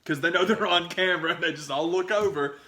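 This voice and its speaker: A man co-hosting a podcast, chatting about sports in a rambling, excitable way that trails off and restarts. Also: on the high side, fast. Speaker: podcast co-host. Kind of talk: casual sports chat.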